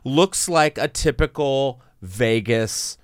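A man from San Antonio, a podcast guest, telling a story in casual chat with an animated, joking manner. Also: mid-range voice, takes it slowly, smooth, no room sound, clean studio sound. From San Antonio, Texas.

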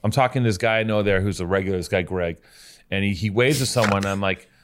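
A man's voice: fairly low pitch, quick pace, clean tone. A man telling a long, rambling, profane story in casual chat, often cutting himself off and starting over.

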